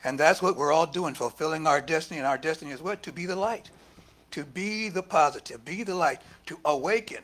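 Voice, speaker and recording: High-voiced man preaching with animated swings. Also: fairly quick. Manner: conversational preaching, rising to emphatic quoted speech and dropping to near whispers. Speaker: speaker at a spiritual center service. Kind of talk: sermon. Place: church hall.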